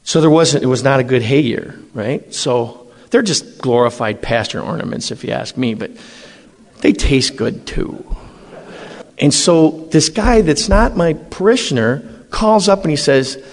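A middle-aged man, a priest telling his own story with animated emphasis. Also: medium pitch, unhurried. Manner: animated, emphatic, acts out dialogue. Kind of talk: personal testimony storytelling. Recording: long hall reverb.

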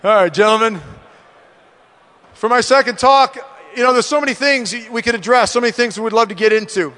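Middle-aged male speaker, earnest sermon-style storyteller, high voice, reverberant hall. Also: brisk, sharp tone. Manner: earnest storytelling, addresses the men directly. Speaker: speaker at a men's conference.

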